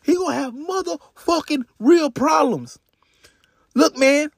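A man's voice: very high-pitched, unhurried, creaky, dry recording, clean studio sound, pitched above the performer's own voice, heavily acted. A man voicing an angry young man who threatens in a raised voice. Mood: threatening.

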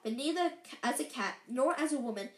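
A woman's voice: high-pitched, lively intonation, brisk. A woman reading a story aloud, with small slips and restarts. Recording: roomy echo.

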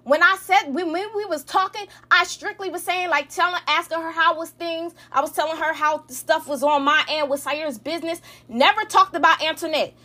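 A woman's voice: very high voice, moderate pace, few pauses, bright, forceful tone. A woman in her thirties telling a personal family story in a heated, profane, rambling way, full of restarts. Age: 30s. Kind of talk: emotional storytime rant.

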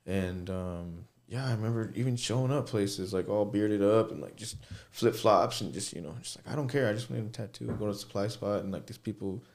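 A man's voice: lowish voice, normal speed, darkish tone. A young man who works as a tattoo artist, a guest on a podcast, talking casually, cursing freely and saying "you know" a lot. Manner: laid-back, swears a lot, fills talk with "you know".

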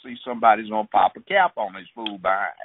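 An older man, a guest on a talk show, telling stories in an animated way and acting out the voices of street characters. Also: lowish voice, fast talker, slight background noise. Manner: animated, acts out street dialogue. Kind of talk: storytelling in conversation. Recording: tinny dry phone line.

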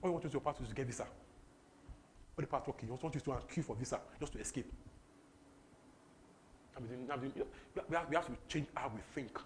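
A young man from Nigeria with a Nigerian English accent, preaching a lively sermon that repeats phrases and slips into pidgin. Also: mid-range voice, fast talker, pauses often, slight background noise. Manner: animated, repetitive, breaks into laughter and pidgin.

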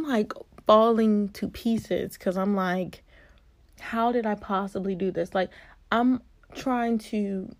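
A woman in her early twenties from Virginia, vlogging a casual storytime with an animated, expressive delivery. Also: medium pitch, vocal fry, no echo. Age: early 20s.

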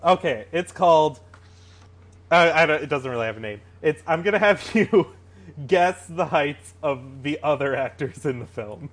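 A man co-hosting a casual podcast, sounding sarcastic and exasperated as he rants about a movie's choices. His voice sits a bit higher than most men's, and he swears casually. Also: lively intonation, normal speed, a bit bright. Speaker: podcast co-host. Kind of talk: casual movie recap chat.

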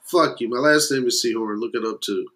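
A man rants bluntly into the camera in a profane monologue. His pitch sits right in the middle of the usual male range. He keeps swinging between loud, emphatic jabs and low, muttered asides. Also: fairly quick. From West Indian heritage. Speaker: commentator. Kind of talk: profane opinion rant.

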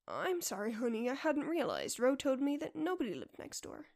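A woman voicing a kind, sturdy, cheerful neighbor with a warm, soothing voice in a storybook reading. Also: sits high, wildly swooping pitch, normal speed, heavily acted. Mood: kindly.

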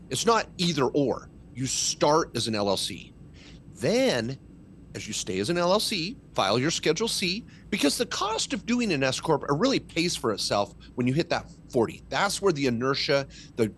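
A man's voice: fairly high pitch, a little hiss or hum. A middle-aged man, a tax lawyer guest, talking in casual podcast chat and telling stories with emphasis. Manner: animated, emphatic storytelling.

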